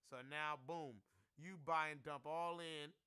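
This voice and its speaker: A man's voice: on the high side, fairly even intonation, slow pace, pushed and bright, clear, resonant tone. A man giving rambling, profane, slang-heavy commentary as a stock market live-streamer.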